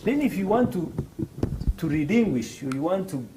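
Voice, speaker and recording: Speaking at a normal speed in a high-sitting voice, this financial literacy instructor has a Rwandan English accent, and the background is noisy. He teaches students about financial markets, performing small dialogues in raised voices with lively energy and hesitant restarts.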